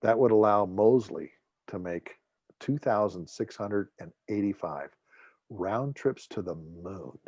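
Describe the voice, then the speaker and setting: A man's voice: lowish voice, slow pace, breathy edge, no room sound. A middle-aged man, a former air force officer giving a guest talk, telling anecdotes with humor and acting out the dialogue of the people in his stories. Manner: lively storyteller, acts out dialogue, jokes.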